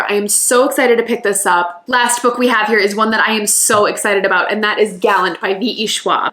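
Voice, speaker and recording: Gushing woman with a bright high voice. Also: roomy sound. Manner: gushing, enthusiastic. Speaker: book vlogger. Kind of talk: casual book haul vlog.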